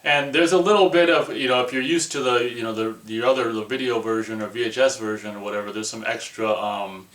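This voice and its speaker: A man reviewing a movie in a casual, rambling way, excitable and full of "like" and "you know". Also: mid-range voice, a little fast, hardly any pauses, echoey room.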